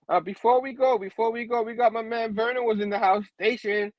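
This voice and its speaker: A man's voice: very high-pitched, fairly even intonation, moderate pace, dry recording, lo-fi sound. A man hosting a casual comic book review show, laughing often and saying "you know what I mean" again and again. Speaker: host.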